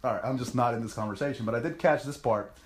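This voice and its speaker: A man's voice: medium pitch, fast talker. A young man hosting a podcast, telling a story in a casual, rambling and profane way with plenty of self-mockery. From United States. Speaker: podcast host.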